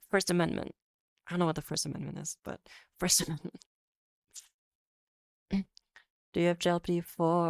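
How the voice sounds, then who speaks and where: A European woman with a notably low voice talks to her stream chat in a loose, rambling way. She laughs often and stumbles into restarts, and the sound is dry and close, with no room around it. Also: vocal fry, no room sound. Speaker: VTuber streamer. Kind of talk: casual chat reading viewer comments.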